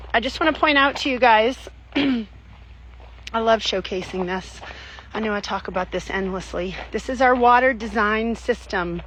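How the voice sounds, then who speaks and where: A woman's voice: mid-range voice, a bit bright, poor audio. A woman hosting a casual vlog walkthrough at an animal refuge, cooing at the animals in baby talk. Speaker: animal refuge caretaker and host. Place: outdoors at a rural animal refuge. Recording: outdoor noise with animals.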